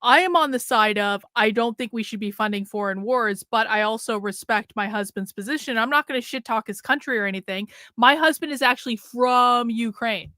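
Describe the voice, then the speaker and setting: A bright-voiced woman talks in a blunt, chatty way, hosting her own livestream. Her voice sits a little high. The sound is close and dry. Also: fairly quick, few pauses, no echo. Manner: blunt, chatty, laughs often. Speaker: livestream host. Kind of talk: casual livestream commentary.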